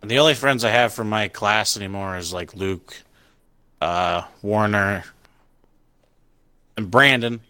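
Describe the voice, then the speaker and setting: A man's voice: on the low side, unhurried, long pauses, clean tone, no room sound. A young man casually chatting, telling stories animatedly and swearing a lot. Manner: profane storytelling, laughing and animated. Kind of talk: casual chat.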